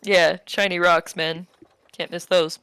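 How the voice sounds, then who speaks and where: A woman's voice: fairly low pitch, steady tone, measured pace, fairly bright tone, smooth, no room sound. A woman playing in a tabletop game, chatting casually in a giggly, playful way. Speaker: player.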